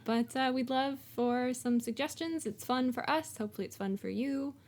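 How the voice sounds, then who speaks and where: A young woman co-hosting a podcast with a bubbly, playful manner. Her voice sits a little high and bright in pitch. She riffs along easily and laughs often. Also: moderate pace. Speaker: podcast co-host. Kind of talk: casual chat.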